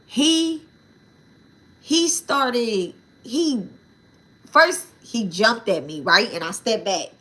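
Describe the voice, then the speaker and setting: A woman's voice: on the high side, lively intonation, very slow, long pauses, bright, forceful tone. A woman telling a story casually and animatedly, with a lot of profanity and asides to her viewers as y'all. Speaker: spiritual channel host.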